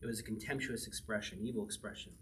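A man's voice: fairly low pitch, fairly even intonation, a bit bright, distant mic, a little hiss or hum. Chatty man preaching a Bible study. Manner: conversational, laughs often, slows to read scripture aloud. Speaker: pastor. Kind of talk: sermon, verse-by-verse Bible teaching.

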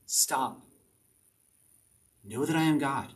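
A male pastor delivers his sermon slowly at a medium pitch, pressing his message with brief commands he repeats again and again. The earnest preaching comes from a church service, recorded with the voice somewhat far from the microphone.

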